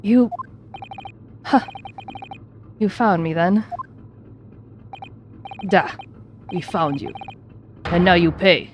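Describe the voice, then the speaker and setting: A woman's voice: on the low side, animated, drawn-out words, long pauses, slight background noise. A woman voicing a stern male foreign police interrogator in a game, drawing out menacing threats.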